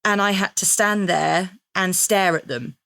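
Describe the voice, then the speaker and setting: A woman's voice: mid-range voice, unhurried, creaky, fairly bright tone, dry recording. A woman in her thirties, talking frankly and reflectively about her teenage years and acting out her own past thoughts. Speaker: podcast guest. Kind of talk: candid conversational storytelling.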